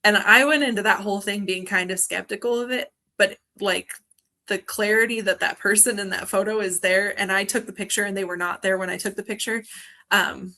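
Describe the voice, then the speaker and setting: A young woman from Montana, a guest on a video-call interview, telling ghost stories in a lively way and laughing often. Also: mid-range voice, fairly quick. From Montana, USA. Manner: animated storyteller, laughs often. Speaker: guest, film festival organizer.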